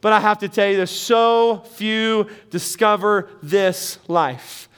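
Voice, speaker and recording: A man's voice: high voice, takes it slowly, fairly bright tone, smooth. A middle-aged man preaching a sermon as pastor, earnest and emphatic, with rising bursts of emphasis.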